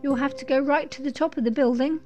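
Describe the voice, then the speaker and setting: A woman voicing a grinning, amused young man in a pinstripe suit, quick and brisk. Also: sits high, steady tone, mellow, faint music behind, close to an everyday voice.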